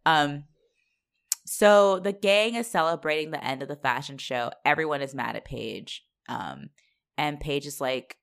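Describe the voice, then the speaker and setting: A woman co-hosting a casual podcast recap, animated and laughing, acting out characters in quick voices. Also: low-pitched, creaky. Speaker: podcast co-host recapping a TV show. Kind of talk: casual chat.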